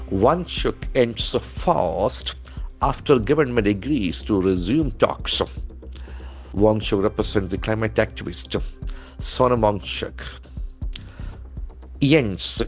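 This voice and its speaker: A man teaching vocabulary from newspaper headlines, spelling words letter by letter and modeling their pronunciation. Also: on the low side. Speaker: English trainer.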